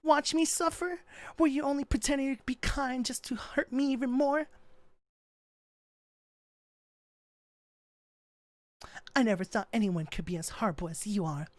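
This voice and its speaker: A woman's voice: high-pitched, fairly quick, darkish tone, no echo, lightly acted. A woman voicing an obsessive, lovesick schoolgirl club president who talks sweetly and pleads when wounded, over game music. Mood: heartbroken.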